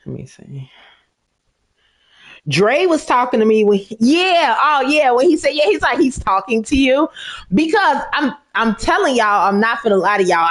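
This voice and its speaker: A middle-aged woman streams a game and chats to her viewers in a loose, profane, animated way, cracking herself up as she talks. Her pitch swings widely from phrase to phrase. She keeps her tone casual throughout. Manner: animated, profane, laughs at own jokes. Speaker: gaming streamer. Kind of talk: casual chat to a stream audience while gaming.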